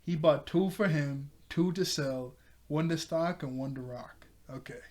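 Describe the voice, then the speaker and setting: A man with a somewhat higher voice recaps an episode in a loose, chatty way. He laughs often in the middle of sentences and corrects himself as he goes. When he quotes the characters, his voice jumps higher and gets louder. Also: a little slow. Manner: restarts and self-corrections. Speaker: show reviewer. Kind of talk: casual episode review.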